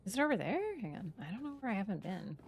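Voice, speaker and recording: A young woman streaming a horror game live, chatting excitably, joking and swearing at the game. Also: medium pitch, racing, creaky, slightly rough. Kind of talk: live let's-play chat.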